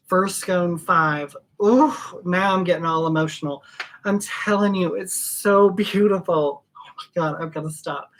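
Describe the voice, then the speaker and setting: A woman's voice: on the low side, steady tone, normal speed. A middle-aged woman teaching perfume blending in a chatty, gushing tutorial, drifting off topic and spelling ingredient names letter by letter. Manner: gushing, emotional, chatty and digressive. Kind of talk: casual home-studio tutorial.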